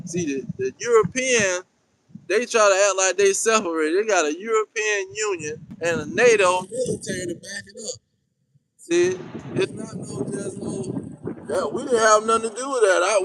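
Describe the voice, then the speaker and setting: Guy preaching hard, kinda high voice, reads the verses slow then just keeps repeating commands. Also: a bit bright, slight background noise, poor audio. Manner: emphatic, repetitive commands, slows down for verses. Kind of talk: fiery scripture teaching.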